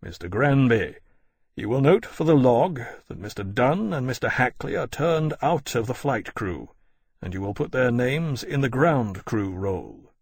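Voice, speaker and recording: A formal captain hands down orders in a clipped, quietly severe way, as a male narrator voices him. His voice is gravelly and husky, recorded dry and close. It suits a storybook of naval discipline. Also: medium pitch, sing-song, a little slow, dry recording, exaggerated voice. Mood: stern. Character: stern, formal naval captain, adult man. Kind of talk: audiobook character voice.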